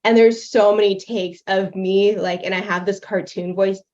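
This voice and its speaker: A woman's voice: medium pitch, steady tone, moderate pace, a little mellow. A young woman in casual chat on a video call, explaining her animation workflow with lots of fillers and laughs. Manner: chatty, filler-heavy, laughs often. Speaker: guest creator demonstrating animation software. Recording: dull lo-fi call audio.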